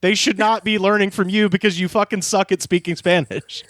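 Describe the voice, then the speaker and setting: A man's voice: sits high, fairly even intonation, a little fast, a bit bright, no echo, clean studio sound. A man co-hosting a podcast in casual chat, laughing often and swearing as he recounts news stories. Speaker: podcast co-host.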